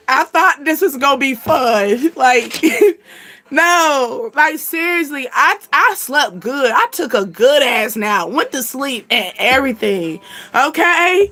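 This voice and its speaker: A woman chatting casually as a channel host, animated and slangy, laughing often. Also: high voice, slow. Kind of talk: casual chat.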